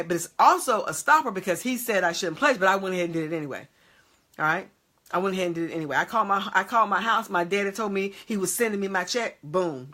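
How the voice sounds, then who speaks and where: A woman's voice: mid-range voice, pushed and bright. A middle-aged woman teaching a group of women, emphatic, drawing out key words and checking in with "okay?" after each point. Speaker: women's ministry speaker and teacher. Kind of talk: motivational teaching to a live group.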